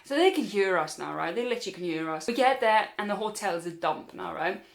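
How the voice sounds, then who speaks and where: A woman's voice: mid-range voice, animated, a little fast, vocal fry. A young Welsh woman telling a storytime vlog, chatty and rambling, her voice sitting in a middling range. She keeps turning to her viewers as guys, restarting sentences as she goes. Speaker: vlogger. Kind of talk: casual storytime.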